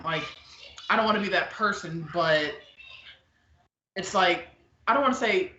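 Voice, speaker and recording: A woman hosting a podcast in casual, opinionated chat, blunt and animated, often acting out the people she quotes. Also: fairly low pitch, moderate pace, a little hiss or hum. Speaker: podcast host. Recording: echoey, dull lo-fi room.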